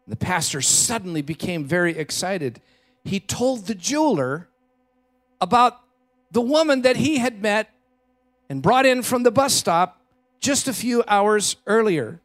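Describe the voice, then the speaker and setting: A man preaching a Christmas Eve sermon in a church, telling a story with dramatic shifts between loud and hushed delivery. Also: sits high, animated, normal speed. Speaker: pastor.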